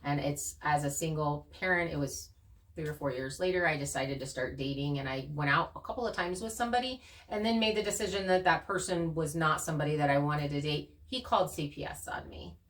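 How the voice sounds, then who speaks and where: A woman co-hosting a channel, casually talking through her experiences in an earnest, animated way. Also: low-pitched, a little fast, recorded from a distance. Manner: earnest, animated storytelling with laughs. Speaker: channel co-host. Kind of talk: casual conversation.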